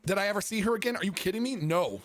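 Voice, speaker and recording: Animated swearing man telling a story. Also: sits high, very fast, faint music behind. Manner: animated, profane, self-mocking. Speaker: streamer. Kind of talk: casual comic storytelling.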